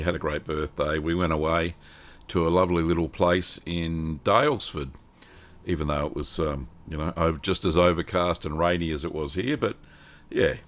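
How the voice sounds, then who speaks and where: A man in his fifties with an Australian accent, chatting casually with viewers as host of a livestream. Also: low-pitched. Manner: relaxed, rambling, greets chat viewers by name. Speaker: host of a cheese-making livestream.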